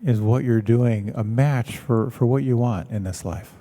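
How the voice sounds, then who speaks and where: A man, a meditation teacher, giving a measured, reflective talk and telling stories to an audience in a large hall. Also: mid-range voice, mellow. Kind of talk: dharma talk.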